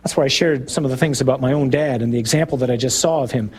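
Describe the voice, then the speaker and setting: A middle-aged Catholic priest with a medium-pitched voice talks fast in an emphatic, conversational address to a parish group. He poses questions to the audience and rises to loud bursts on key points, with a little hiss or hum on the recording.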